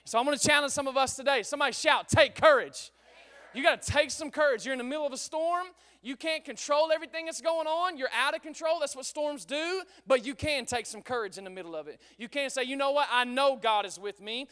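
A young man preaching an energetic sermon, calling the room to shout praise. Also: very high-pitched, fast talker, few pauses. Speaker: pastor.

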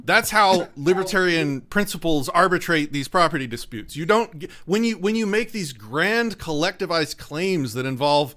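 Ranting man, a bit high-voiced. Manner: animated, rapid ranting with restarts. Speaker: podcast guest. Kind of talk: casual podcast debate.

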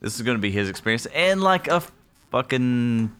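A man's voice: medium pitch, very animated, moderate pace, fairly bright tone, clear, resonant tone. A man co-hosting a podcast in casual chat, laid-back and joking. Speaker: podcast co-host.

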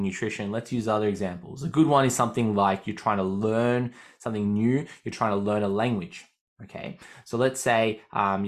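A man with an Australian accent, a fitness coach explaining training ideas in a podcast, often checking in with "okay?". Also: fairly low pitch.

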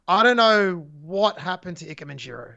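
A woman co-hosts a casual wrestling chat. She is animated and sarcastic and laughs often as she talks. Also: lowish voice, a little fast, gravelly, highs cut off. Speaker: podcast co-host.

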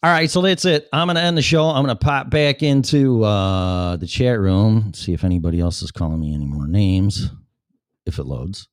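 A man's voice: fairly low pitch, normal speed, clean tone, no echo, studio quality. A man hosting his own talk show, reading a chat room aloud and answering it in a blunt, sarcastic way with plenty of swearing.

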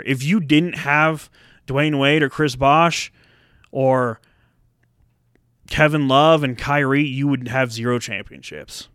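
A man co-hosting a laid-back sports talk show, with a smooth, resonant voice. He talks in an animated way, swears freely and acts out quotes. The sound is dry and close. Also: medium pitch, slow pace, long pauses, no room sound. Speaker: podcast co-host. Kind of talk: casual sports chat.

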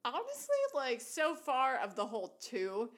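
A woman co-hosting a casual podcast, sarcastic and quick to swear, with lots of filler words. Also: high voice, huge pitch swings, a bit bright. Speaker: podcast co-host.

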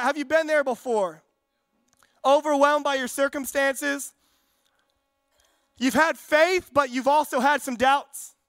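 A young man preaching with a strikingly high, bright voice, conversational and fervent. He slips into acted-out quotes as he talks to the congregation. The sound is close and dry. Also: dry recording. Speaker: pastor. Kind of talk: sermon.

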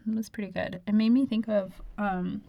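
Relaxed young woman hosting casual chat. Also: mid-range voice, gravelly, no echo, lo-fi sound. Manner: relaxed, chatty, drawn-out descriptions. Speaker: podcast co-host.

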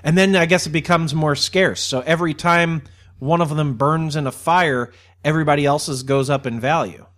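A man with a slightly raised voice, co-hosting a loose podcast chat. He rambles and grumbles with animated swings and freely drops swear words. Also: on the high side, moderate pace. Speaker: podcast co-host. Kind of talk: casual chat.

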